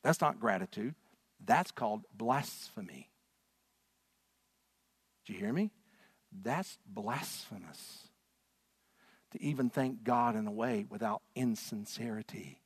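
A man's voice: fairly low pitch, a little slow, long pauses, slightly rough, no echo. A man preaching a sermon from a church stage, earnest and emphatic. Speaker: pastor.

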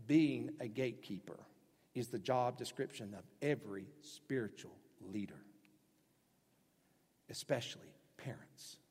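A man preaching a sermon as pastor, emphatic, breaking into loud acted-out quotes now and then. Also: mid-range voice, husky, long reverb tail.

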